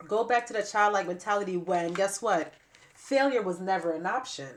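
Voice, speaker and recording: A woman giving a spiritual tarot reading to camera with a stuffy nose and raspy throat, repeating phrases emphatically like preaching. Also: mid-range voice, moderate pace, slight background noise. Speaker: tarot reader.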